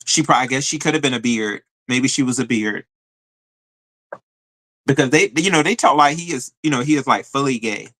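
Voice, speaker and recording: A man hosting a live stream, telling a story in a chatty, animated way and answering viewer comments. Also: mid-range voice, fairly quick. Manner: animated storytelling, addresses viewers as y'all, frequent fillers. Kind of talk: casual live stream chat reading comments.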